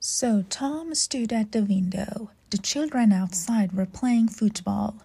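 Slow, husky woman reading a children's story. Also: medium pitch. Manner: expressive, with playful sound words.

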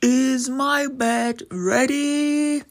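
Woman putting on a booming angry giant. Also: fairly even intonation, full character voice. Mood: bellowing. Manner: slow booming yells. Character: huge angry male giant, bossy and mean.

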